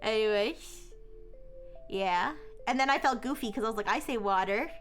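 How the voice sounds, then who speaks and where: A woman's voice: a little high, moderate pace, faint music behind. A young woman chatting casually on a livestream, answering chat messages and giggling often.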